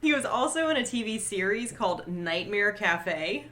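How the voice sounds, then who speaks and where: A woman's voice: mid-range voice, lively intonation, moderate pace, bright, forceful tone. Woman, podcast co-host, chatty, giggly, casual talk. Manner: giggly, chatty, laughs often.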